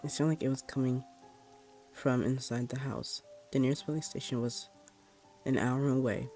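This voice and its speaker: A man narrates a spooky first-person tale in a mellow, dark-toned voice. His delivery is plain and unhurried, with soft music playing faintly underneath. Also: medium pitch, fairly even intonation. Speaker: storyteller. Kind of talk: reading a horror story aloud.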